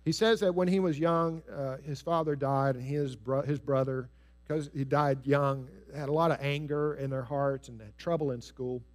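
A man preaching a sermon in an earnest, storytelling way, stressing key phrases and dropping soft on others. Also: medium pitch, fairly even intonation, normal speed. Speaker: pastor.

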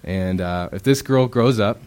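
A man's voice: fairly low pitch, unhurried. A young man giving a sermon in a casual, conversational way, full of "um"s and acted-out quotes. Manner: casual, conversational preaching with many fillers; acts out quoted voices with bursts of loudness. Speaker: preacher.

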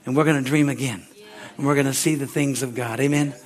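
Talking fast in a mid-range voice, a male pastor delivers a fervent sermon during a church service. He punctuates his lines with amens and hallelujahs and shouts with excitement as he acts out a story.

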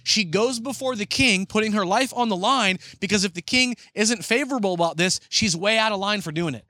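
A man preaching a sermon as pastor, retelling a story and acting out the characters' lines in a lively way. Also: high-pitched, brisk, no room sound.

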